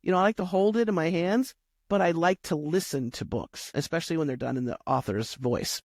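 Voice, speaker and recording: A woman's voice: low voice, a little fast, a little mellow, no room sound, clean studio sound. A woman who coaches podcasters, speaking as an interview guest in an upbeat, encouraging way. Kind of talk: interview conversation.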